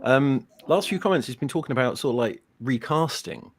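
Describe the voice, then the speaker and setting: A man's voice: mid-range voice, animated, fairly quick, slightly rough. A man co-hosting a late-night live stream, telling wry stories and reading the chat. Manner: storytelling, wry. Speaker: co-host.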